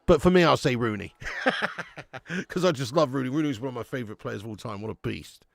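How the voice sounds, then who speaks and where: Gravelly man hosting a watch-along. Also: medium pitch, quick pace, no room sound. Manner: casual, swearing, chatty. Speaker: host. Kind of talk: live football watch-along commentary.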